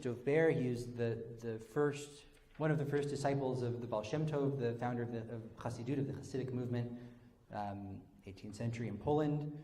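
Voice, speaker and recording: Rabbi leading a text study. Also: male voice, mid-range voice, darkish tone. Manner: conversational, frequent "sort of" and "right?". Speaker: rabbi teaching a study session.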